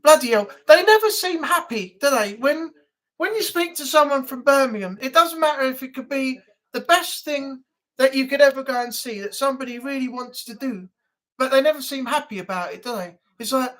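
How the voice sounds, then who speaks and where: A woman's voice: high-pitched, a little fast, a bit bright. A woman from Manchester with a Mancunian accent, hosting a live stream in a chatty, joking way. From Manchester, England. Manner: chatty, joking, swears casually.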